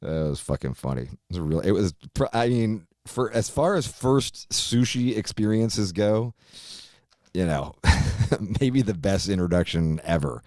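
A man's voice: low voice, expressive, unhurried, a little mellow, dry recording, studio quality. A middle-aged man from Virginia, a podcast guest telling a story in a rambling, profane way and laughing often. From Virginia, USA. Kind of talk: casual storytelling.

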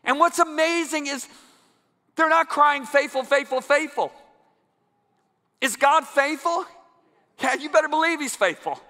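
A man preaching a sermon to a congregation in a large church, emphatic and building to loud climaxes. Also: very high voice, normal speed. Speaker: guest preacher. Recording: long church hall reverb.

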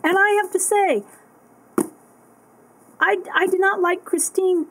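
Chatty high-voiced woman rambling to camera. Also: fairly even intonation, slow pace, fairly bright tone, rough recording. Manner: chatty, rambling, many fillers and restarts. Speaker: vlogger. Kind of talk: casual rambling monologue to camera. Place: indoors at home at night. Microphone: camera that tracks her.

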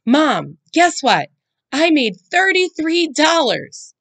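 A woman voicing a bold, mischievous ten-year-old girl who speaks in a high, pleading voice. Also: huge pitch swings, slow pace, sharp tone, no echo, heavily acted.

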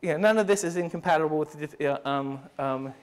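A man's voice: on the high side, a little fast, clear, resonant tone. A man giving an academic lecture at a summer school, thinking aloud with frequent restarts and speeding through quoted passages.

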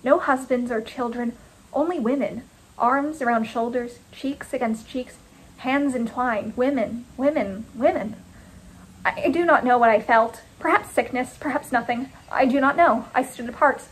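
Woman, author reading own fiction, clipped deliberate lines, fairly high voice. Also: breathy edge, rough recording. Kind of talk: first-person story reading.

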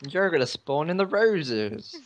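Playful gamer with a mid-pitched, lively voice. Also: unhurried, a little hiss or hum. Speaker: let's play gamer. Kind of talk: casual group gaming chat.

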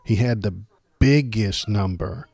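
A man's voice: on the low side, takes it slowly, darkish tone, no room sound. A man doing a dopey, grunting blowhard. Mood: mocking. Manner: dopey grunting, broken simple grammar. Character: dim-witted blustering grown man, mocking caricature.

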